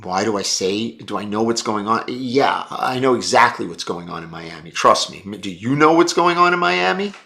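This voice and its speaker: A man's voice: on the low side, expressive, normal speed, gravelly, hardly any pauses, sharp tone. A man hosting a casual live stream, answering viewer chat in a blunt, brash and profane way.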